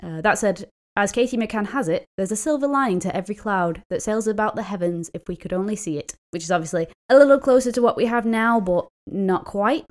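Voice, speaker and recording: A woman's voice: mid-range voice, brisk, few pauses. A woman co-hosting a casual podcast, explaining word origins with fillers and light laughter. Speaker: podcast co-host.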